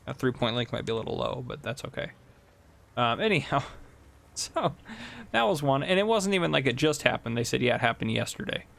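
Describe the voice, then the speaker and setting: Man, gravelly, mid pitch, casual gameplay commentary, chatty storyteller. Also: big pitch swings, fairly quick, fairly bright tone. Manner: chatty, laughs while telling stories. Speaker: gameplay host and police officer.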